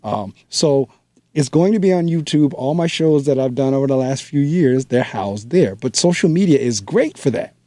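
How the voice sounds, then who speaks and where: Man, radio host, mellow tone, relaxed chat, dry sound. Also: medium pitch, moderate pace, no echo. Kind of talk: casual interview chat.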